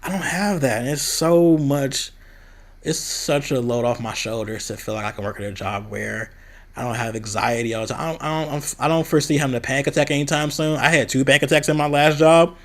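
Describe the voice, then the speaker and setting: A man's voice: mid-range voice, fairly quick. A young man from the American Midwest, talking candidly in a casual vlog and venting about a past job. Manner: candid, venting, quoting others in a raised voice. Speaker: vlogger.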